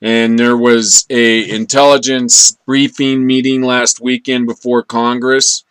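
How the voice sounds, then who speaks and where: A man's voice: medium pitch, little pitch movement, slow, fairly bright tone, clear, resonant tone, dry recording. A man hosting a casual political commentary show, enthusiastic, stumbling over restarts. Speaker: show host.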